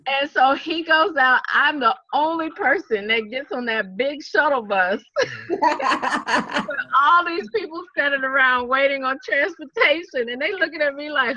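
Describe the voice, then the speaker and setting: A woman with a Southern accent, an animated storyteller who laughs often and acts out what people said, talking casually to a group on a video call. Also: high-pitched, unhurried, no room sound. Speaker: network marketing speaker. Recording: dull, dry lo-fi sound.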